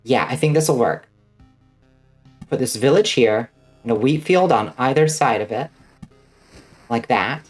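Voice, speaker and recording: A woman's voice: extremely low pitch, lively intonation, measured pace, long pauses, a little mellow, soft background music. A woman streaming a game and chatting casually with viewers, rambling with many fillers and the odd swear word. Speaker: vtuber streamer. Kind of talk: casual gaming stream chat.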